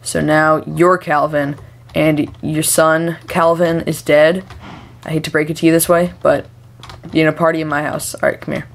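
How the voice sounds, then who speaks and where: A young woman gives chatty, running commentary over her own gameplay in a fairly low voice for a woman. She rambles to herself and to the game characters, then flips into frantic, high-pitched shouting whenever something startles her. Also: moderate pace, vocal fry. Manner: chatty, excitable, shrieks when startled. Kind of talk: let's play commentary.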